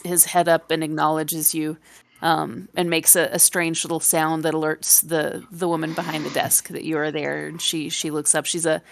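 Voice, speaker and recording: Slow-spoken woman game master. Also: low voice, creaky, no echo. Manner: slow, descriptive, with fillers. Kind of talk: narrating a tabletop game.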